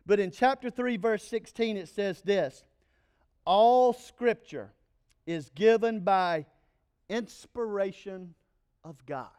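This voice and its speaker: A male pastor preaching a sermon, animated and playful, with joking asides to the congregation. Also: sits high, takes it slowly, clear, resonant tone.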